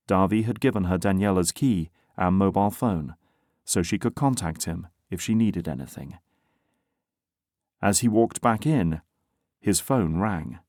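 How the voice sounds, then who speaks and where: A man narrating an audiobook in a steady, even reading. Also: deep voice, no room sound, studio quality. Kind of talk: scripted narration.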